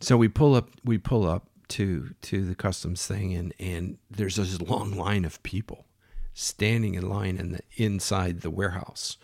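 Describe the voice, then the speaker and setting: Low gravelly guy telling a story, dry sound, jumps around restarting lines. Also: measured pace, dry recording. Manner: animated, restarts phrases. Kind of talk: casual anecdote.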